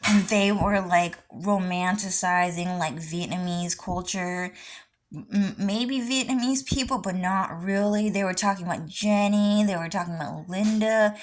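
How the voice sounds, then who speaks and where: Slow-talking woman lecturing insistently. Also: medium pitch, poor audio. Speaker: vlogger. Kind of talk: rambling personal vlog monologue.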